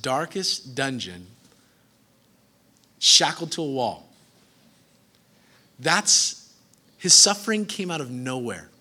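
Animated high-voiced man preaching. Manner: animated, acts out characters in quick voices, swings from hushed to loud; casual slangy speech. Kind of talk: energetic sermon storytelling.

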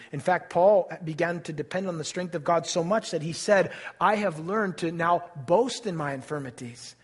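A fairly high, husky male voice delivering a sermon from the pulpit. He speaks earnestly and puts questions straight to his congregation. His delivery moves between soft, hushed stretches and louder, raised passages. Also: fairly quick. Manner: earnest, addresses listeners directly with questions. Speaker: pastor.

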